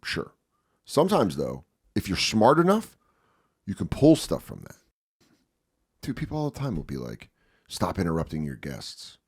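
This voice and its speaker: A low-pitched man in his thirties chats as a podcast guest, his pitch leaping up and down as he tells stories. He is profane and animated, acting out every quote he tells. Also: normal speed, pauses often, husky. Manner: profane, animated storyteller who acts out quotes. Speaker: guest comedian. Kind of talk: casual podcast conversation.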